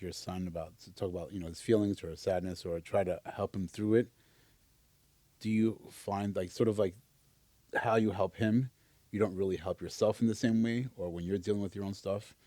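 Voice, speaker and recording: In a casual, heartfelt podcast conversation, a male co-host opens up about his own struggles, hesitant and searching, with many fillers and restarts. His voice is lowish, steady, and mellow, moving at a moderate pace in a dry recording.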